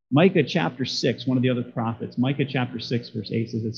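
A man's voice: medium pitch, brisk, few pauses, darkish tone, highs cut off. A man preaching a sermon as a pastor, talking conversationally and putting questions to his congregation.

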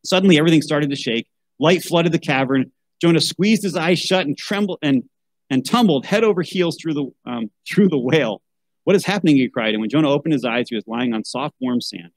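A podcast host with a higher-pitched voice reads a children's Bible story aloud at a brisk clip, stopping for wry asides and a rant about how such books ought to be chosen. There's no echo, but the recording quality is low.

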